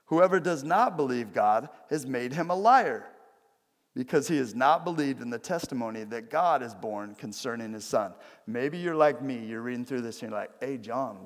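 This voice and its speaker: A man's voice: medium pitch, in a large hall. A man preaching a conversational sermon, asking his listeners direct questions. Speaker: pastor.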